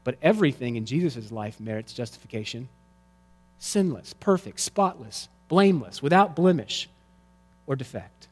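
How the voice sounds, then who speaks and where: A male pastor preaching a sermon, swinging between loud emphatic lines and hushed, quiet ones. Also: medium pitch, lively intonation, moderate pace, long reverb tail.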